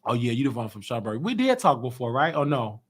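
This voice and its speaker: A man's voice: mid-range voice, fast, husky. A man hosting a call-in live stream from his own show, telling stories in a loose, slangy way and acting out the other people's voices. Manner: animated storyteller, slangy, acts out quotes. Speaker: host of a YouTube talk show.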